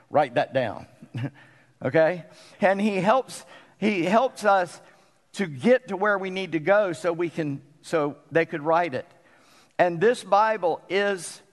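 A male pastor preaches in a folksy, conversational way, leaning on emphatic pauses. His voice sits a touch high for a man. The sound carries the long reverb of a big hall. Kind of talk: sermon.

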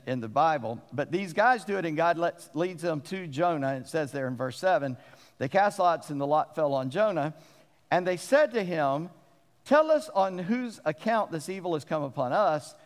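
Pastor, male, folksy storyteller, fairly high voice, big echoing sanctuary. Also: normal speed. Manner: folksy storytelling with self-deprecating humor. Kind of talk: sermon.

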